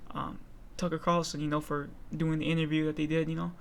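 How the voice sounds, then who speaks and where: A man's voice: a little high, level tone, brisk, gravelly, slight background noise. A young man hosting a clip channel, casually rambling through an intro with many fillers.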